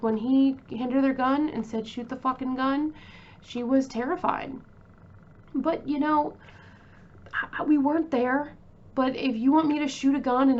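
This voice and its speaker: Chatty woman doing true crime, gets emotional, kinda high voice, muffled lo-fi audio. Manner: chatty, emotional, many fillers and restarts. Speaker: true crime channel host.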